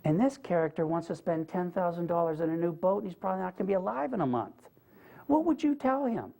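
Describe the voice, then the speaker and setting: Fast, animated and gravelly, this high-pitched, dark-toned man speaks as a guest lecturer, telling stories straight to a live audience in a lecture room. He stays earnest and conversational, posing questions to them.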